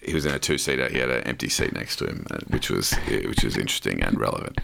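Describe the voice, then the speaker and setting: A young Australian man spins a podcast anecdote in a low, gravelly voice with a bright, forceful edge. His pitch swings widely as he acts out the people in his story, and his humour stays dry and self-mocking throughout. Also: sing-song, fast, a little hiss or hum. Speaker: podcast guest. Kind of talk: casual storytelling chat.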